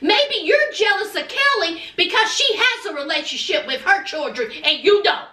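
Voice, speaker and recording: Brief: sassy woman recapper, high bright voice, lively swings in pitch. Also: moderate pace, roomy sound, recorded from a distance. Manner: sassy, dramatic, scolding with slang. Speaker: TV recap vlogger. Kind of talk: reality TV recap commentary.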